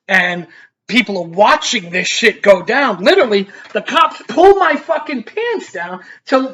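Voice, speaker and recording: A man's voice: high voice, dull audio. A middle-aged man telling a story in a casual, rambling way, swearing freely. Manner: profane, animated, rambling storyteller. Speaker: vlogger.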